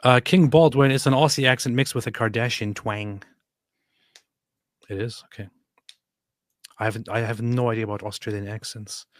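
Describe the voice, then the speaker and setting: A man's voice: medium pitch, fairly even intonation, normal speed, pauses often, dry recording, studio quality. Man reading live chat aloud. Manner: reads viewer comments aloud, chuckling asides. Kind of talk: casual live-stream chat.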